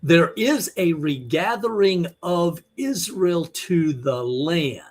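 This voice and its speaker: Man, Bible teacher, online sermon; high-ish husky voice, blunt and scolding. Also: lively intonation, takes it slowly.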